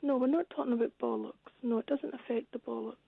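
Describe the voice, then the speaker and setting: Female caller, tired and lying down, high babyish voice, husky, over a tinny phone line. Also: fairly even intonation, quick pace, no room sound. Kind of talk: radio phone-in call.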